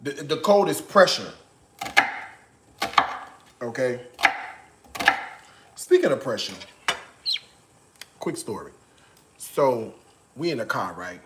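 A man's voice: medium pitch, expressive, slow pace, pauses often, echoey room, heavy background noise. A man hosting his own cooking vlog from his home kitchen, chatting in a playful, sassy way and breaking into song now and then. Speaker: cooking show host. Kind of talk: casual cooking vlog chat.

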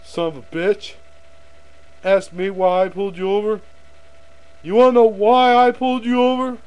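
A man playing a loud-mouthed traffic cop who barks questions and threats, recorded on a webcam microphone. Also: sits high, steady tone, moderate pace, clear, resonant tone, pitched above the performer's own voice, natural voice, poor audio. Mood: bullying. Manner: barking, interrogating, threatening.

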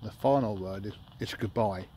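A man running a ghost hunting session outdoors at night, talking slowly and calmly to coax spirits. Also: fairly low pitch. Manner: calm, coaxing, speaks slowly to spirits. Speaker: paranormal investigator. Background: faint noise of passing traffic.

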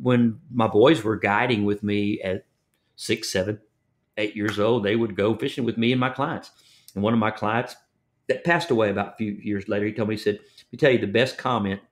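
An older Texan man, a fishing guide, tells folksy stories in a low, unhurried voice. He repeats words as he goes and acts out the voices of the people in his stories. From Texas. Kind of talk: storytelling interview.

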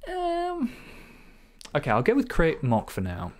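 A man's voice: on the high side, wildly swooping pitch, measured pace, darkish tone. A man live-streaming a programming session, thinking aloud, trading jokes with viewers and chuckling often. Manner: muses aloud, weighs names, chuckles often. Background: computer keyboard typing.

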